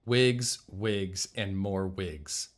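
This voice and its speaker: A man giving casual live commentary on a film he is watching, sarcastic, profane and animated. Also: low-pitched, drawn-out words. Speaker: movie reactor.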